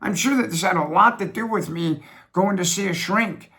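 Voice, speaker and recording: Rambling, emphatic middle-aged man, pitched high. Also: pushed and bright. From United States. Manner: rambling, repetitive, emphatic with sudden slowdowns. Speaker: business funding host. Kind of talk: reflective monologue. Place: home office.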